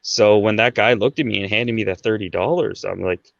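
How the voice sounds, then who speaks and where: A man's voice: fairly low pitch, fairly quick, gravelly, a bit bright, dry recording. Man, thirties, casual storyteller, lots of "right?" and "like", muffled lo-fi audio. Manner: conversational, fillers like "right?" and "like". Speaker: podcast guest.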